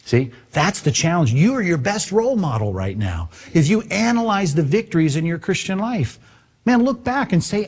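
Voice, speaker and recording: A man preaching a sermon on a Bible passage, lively and conversational, acting out quoted voices as he goes. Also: fairly high pitch, moderate pace, breathy edge. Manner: animated, acts out quoted voices. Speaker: pastor.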